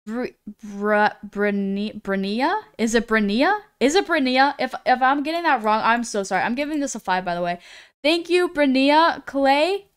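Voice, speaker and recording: A woman live-streaming a game, her voice smooth and a touch higher than most. She chats loosely, reads viewer comments out loud, and trips over names before saying sorry. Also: lively intonation, normal speed. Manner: reads chat aloud, apologetic, stumbles over names. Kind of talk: casual live-stream chat.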